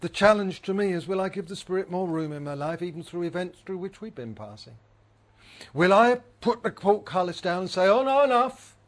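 A man's voice: high-pitched, lively intonation, brisk. A man preaching a sermon. He is earnest, repeats phrases for emphasis and asks his listeners questions.

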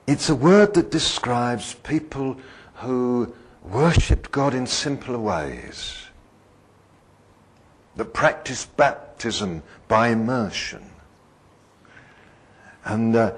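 Slow husky-voiced man preaching. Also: medium pitch. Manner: conversational, digressive, asks the congregation questions. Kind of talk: sermon.

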